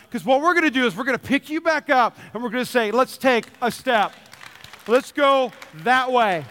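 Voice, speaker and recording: In a church sanctuary with long hall reverb, a sweaty pastor with a very high-pitched, fairly bright voice preaches a sermon. He is passionate and emphatic, repeating his key phrases and working himself up.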